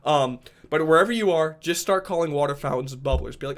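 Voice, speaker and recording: A man's voice: a little high, quick pace. A man from Rhode Island chatting casually with viewers on a livestream, rambling and joking with a fair amount of profanity. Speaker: streamer.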